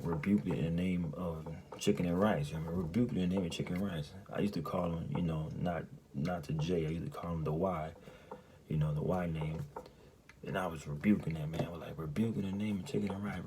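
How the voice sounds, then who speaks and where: A man with a low, deep voice tells a story in loose, profanity-laced casual talk, looping back with "you hear me?" every few lines. He keeps slipping into a breathy half-whisper, over a faint hum of room noise. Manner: drops often into a hushed, breathy half-whisper. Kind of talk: casual spoken recounting of a dream.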